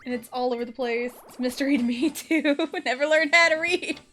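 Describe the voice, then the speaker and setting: In a high, slightly bright voice at a fairly quick pace, a young woman chats casually while streaming a video game. She giggles and makes jokes at her own expense, and faint game music plays behind her.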